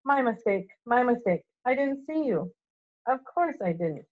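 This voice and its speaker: A woman's voice: fairly high pitch, very animated, a little slow, narrow, tinny audio, pitched above the performer's own voice. A woman reading as a sly, fawning poltergeist. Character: mischievous male poltergeist, sly and wheedling.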